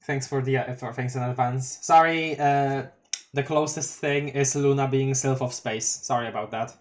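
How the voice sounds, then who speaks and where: A streamer reading a webcomic live, excitable, laughing often and restarting sentences. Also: medium pitch, normal speed. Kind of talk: casual live-read commentary.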